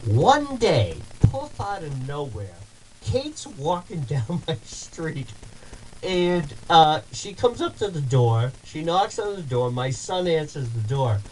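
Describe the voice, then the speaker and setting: A man hosting a talk show, telling a story casually in a rambling, animated way and repeating himself. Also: fairly high pitch, takes it slowly, a little hiss or hum, rough recording. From Massachusetts. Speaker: host.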